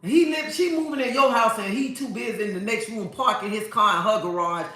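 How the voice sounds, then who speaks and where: A woman's voice: on the high side, a little fast, pushed and bright. A woman hosting a livestream, talking to viewers in a sassy, preachy way and repeating her phrases. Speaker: livestream host. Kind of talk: casual livestream talk to viewers. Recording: very echoey room.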